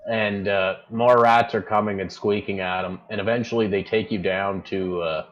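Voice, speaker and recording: A man's voice: on the low side, fairly even intonation, moderate pace, fairly bright tone, lo-fi sound. A man narrating as game master in a tabletop game, rambling and searching for words as he describes the scene.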